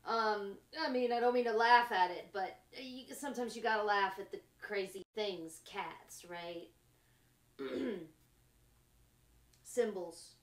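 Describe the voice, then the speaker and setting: A woman hosting a spiritual talk show, musing slowly in short trailing phrases and laughing often between thoughts. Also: mid-range voice, echoey room. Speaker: podcast host. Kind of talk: reflective spiritual monologue.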